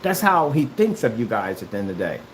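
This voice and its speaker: A man's voice: mid-range voice, sing-song, fast, roomy sound, a little hiss or hum, poor audio. A man ranting in a callout video, combative and mocking, who keeps repeating himself. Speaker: YouTuber.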